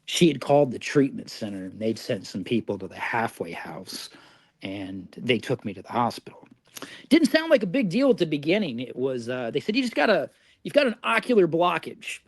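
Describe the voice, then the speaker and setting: A man's voice: medium pitch, big pitch swings, normal speed, husky, dry recording. Guy in his 40s from indiana, podcast guest, chatty storyteller, laughs at his own stuff, dry close sound. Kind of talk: casual storytelling.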